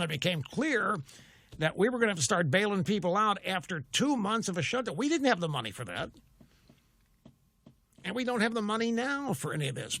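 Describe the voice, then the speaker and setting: A man's voice: sits high, sharp tone. A man in his later years hosting a political talk radio show, combative and emphatic, firing off rhetorical questions. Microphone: studio mic.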